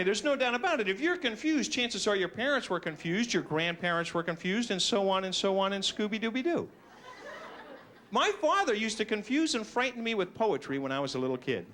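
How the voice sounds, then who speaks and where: A man doing a stand-up routine, self-mocking and animated, slipping into silly voices. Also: high-pitched. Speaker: stand-up comedian.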